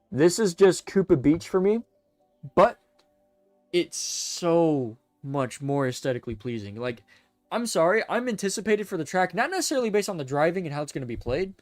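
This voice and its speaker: At a normal pace and a somewhat high pitch, a man chats casually on his stream, rambling, stammering and revising sentences midway. He's excitable and talkative; faint music plays behind him in an otherwise dry room.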